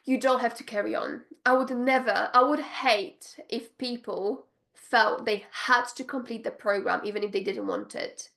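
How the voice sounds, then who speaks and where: Here the coach sounds gravelly and on the high side, talking at a normal speed. She pitches her spiritual-entrepreneur business coaching directly to camera, gushing, hammering phrases through repetition, and laughing in excited bursts.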